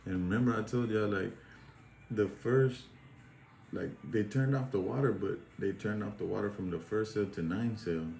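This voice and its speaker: A man's voice: lowish voice, moderate pace, creaky, a little mellow. A man telling a rambling prison story in casual, profane street slang. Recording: echoey room with faint noise.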